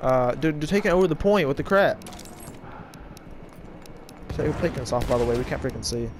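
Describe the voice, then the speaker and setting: A man rambling through casual gameplay commentary, tripping over his words and restarting his sentences. His voice sits at an ordinary middle pitch. Loud gunfire and battle sounds from the game run behind him. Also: lively intonation, a little hiss or hum. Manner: fast, jumbled speech with frequent stutters and restarts. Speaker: gaming channel host. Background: shooter game audio with gunfire and vehicles.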